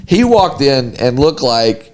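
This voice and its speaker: This co-host takes his time, speaking slowly in a mid-range voice. Chatting casually on the podcast, he tells a story with plenty of animation and acts out each character's voice.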